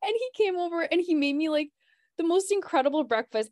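A woman's voice: high-pitched, normal speed, a little mellow, no echo, clean studio sound. A young adult woman, a podcast guest, telling a personal story in casual chat, saying "like" often and laughing as she goes.

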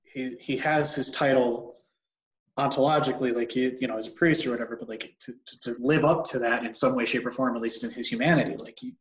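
A man's voice: mid-range voice, fairly even intonation, fast talker, fairly bright tone, roomy sound, low-quality recording. A man hosting a casual conversation who searches for his words and fills gaps with "like". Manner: hesitant, searching for words with many "like" fillers.

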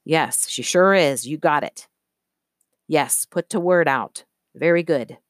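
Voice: mid-range voice, slow, dry recording, studio quality, close to an everyday voice. A reader voicing a brusque, secretive office worker who speaks in clipped phrases, in an audiobook. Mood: curt. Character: curt unfriendly office woman, secretive. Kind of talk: audiobook character voice.

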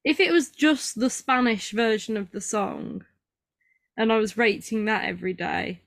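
A woman's voice: a little high, lively intonation, normal speed, gravelly, no echo, studio quality. Rambling, self-mocking young woman host. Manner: chatty, rambling, self-mocking, lots of ums. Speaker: podcast host. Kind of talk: casual chat.

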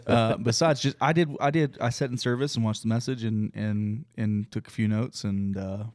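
Male co-host, low-pitched, earnest, self-deprecating, dry close sound. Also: fairly even intonation, moderate pace, a little mellow, no room sound. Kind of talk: casual chat.

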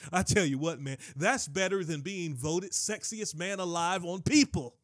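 A man preaching a sermon, emphatic and animated, with frequent asides to the listeners and bursts up to shouting. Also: high-pitched, normal speed, no room sound, clean studio sound. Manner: frequent asides to the congregation like "watch this".

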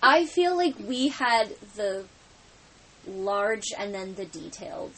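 A podcast co-host chats casually in a rambling, jokey, somewhat tired late-night manner. Her mid-range voice is animated and fairly bright, she takes it slowly, and the recording is low quality.

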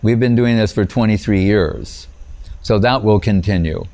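A man's voice: fairly low pitch, moderate pace, darkish tone. A man giving an informal spiritual talk as a teacher, rambling through stories, often saying "you know" and chuckling at himself. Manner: rambling and anecdotal, frequent "you know", breaks off and restarts; chuckles at his own stories.

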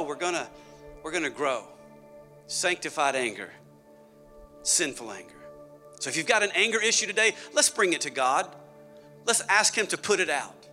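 A male pastor preaching a sermon, swinging between loud bursts and hushed asides. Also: sits high.

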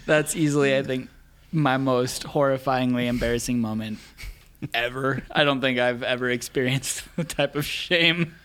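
A man's voice: medium pitch, moderate pace, a little hiss or hum. Young man telling an embarrassing story. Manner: animated, laughs through the telling. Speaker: guest storyteller. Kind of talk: casual storytelling.

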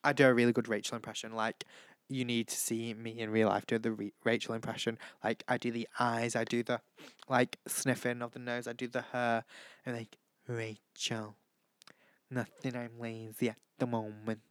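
A teenage man chats away in a casual, gushing, camp manner. His voice is smooth and clean at a middling pitch. The sound is dry and close. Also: flat delivery, fairly quick, no echo. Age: teens. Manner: chatty, gushing, camp, breaks into impressions and sung snippets. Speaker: vlog host. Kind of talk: casual chat.

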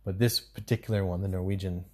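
A man co-hosts a casual podcast chat in a fairly low, mellow voice. He talks in a loose, rambling way, full of fillers. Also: steady tone, fast. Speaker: podcast co-host.

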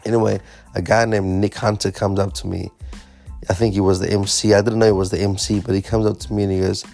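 Low gravelly-voiced man telling a story. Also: quick pace, soft background music. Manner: animated, swearing, acts out his own panic. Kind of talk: casual storytelling. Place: Fremantle area, Western Australia.

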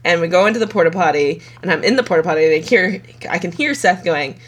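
A woman's voice: on the low side, animated, fast, hardly any pauses, slightly rough. A young woman co-hosting a podcast, telling a story animatedly in casual chat and swearing a lot. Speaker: podcast co-host.

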